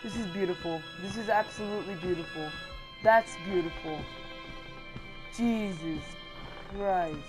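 A woman commenting on a horror game as she plays, excitable and repeating her exclamations. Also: medium pitch, a little slow, pauses often, poor audio. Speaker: gamer. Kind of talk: let's play commentary. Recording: game music behind. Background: game music.

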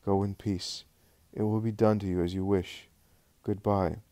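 A man reading as Jesus, gentle and sorrowful. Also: on the low side, level tone, a little slow, no room sound, lightly acted. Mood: tender. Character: Jesus, gentle grieving teacher, adult man.

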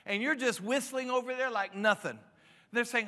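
A pastor in his fifties preaches in an emphatic, stop-and-start way and keeps throwing questions at the room. His voice sits high for a man and rings bright. Long hall reverb trails every phrase. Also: normal speed. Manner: emphatic preaching with frequent restarts and rising questions. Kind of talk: sermon.

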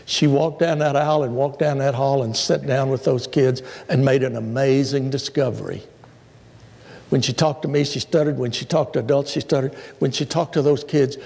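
A male pastor preaching a sermon in a church, telling stories in a folksy, animated way. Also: medium pitch, gravelly. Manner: storytelling, folksy, animated asides. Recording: echoey church hall.

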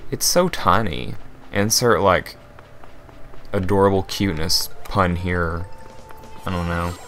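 A man's voice: deep voice, slow, a bit bright, soft background music. A young man hosting a let's play, joking as he reads game text aloud and riffs on it. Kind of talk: casual gameplay commentary.

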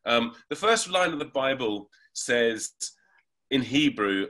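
A man talks as an interview guest over a remote call, eager and animated. His voice is bright and forward, and he explains in long, thoughtful runs broken by fillers. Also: mid-range voice, slow. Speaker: guest, reverend and hypnotherapist.

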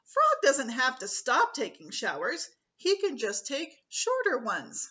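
A woman's voice: high voice, huge pitch swings, slow, pushed and bright, lo-fi sound, heavily acted. A woman voicing a cheerful, encouraging female fox teacher in a storybook.

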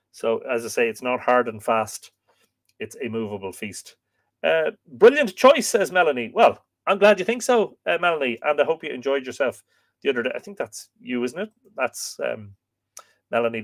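Rambling man hosting a live stream. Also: medium pitch. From Ireland. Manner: rambling, hesitant, many fillers and restarts. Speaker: host of a live stream on Irish mythology. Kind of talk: casual live-stream chat reading viewer comments.

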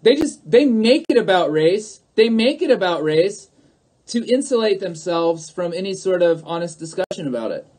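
Speaking at a moderate pace, a man hosts a livestream in a high, somewhat mellow voice with a breathy edge and big pitch swings. He talks straight to viewers, insistent and repetitive, calling to them again and again.

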